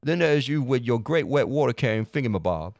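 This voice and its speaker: A man's voice: medium pitch, animated, a little fast, darkish tone, dry recording, clean studio sound, close to an everyday voice. A man reading a game character's lines, voicing a chatty male Wonderland local in a put-on British accent with a folksy, fussy manner. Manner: folksy, fussy, self-correcting.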